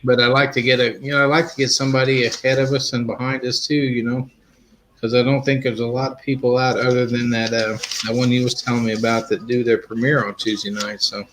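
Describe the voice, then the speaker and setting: A man's voice: medium pitch, level tone, fast, fairly bright tone, a little hiss or hum. A man co-hosting a casual live-stream chat, easygoing and folksy, laughing often.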